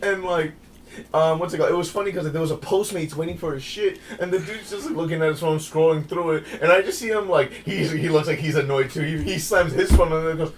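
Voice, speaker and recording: A young man co-hosting a podcast, telling an animated story, acting out quotes and laughing often. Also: fairly high pitch, fast, a little hiss or hum. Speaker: podcast co-host. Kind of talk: casual chat, storytelling. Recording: podcast mic, shared room.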